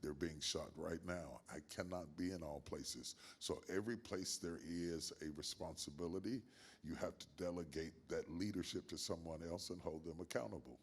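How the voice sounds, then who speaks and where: An older man with a very low, husky voice talks as a guest pastor in an interview. He builds his points with a measured preaching cadence, leaning on repetition and emphasis.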